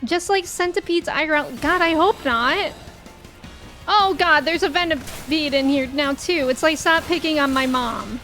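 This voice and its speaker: A young woman streaming a game live, chatting to her viewers, excitable and quick to shriek or laugh when startled. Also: high-pitched. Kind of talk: live gameplay commentary. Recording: game music playing underneath. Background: faint game music.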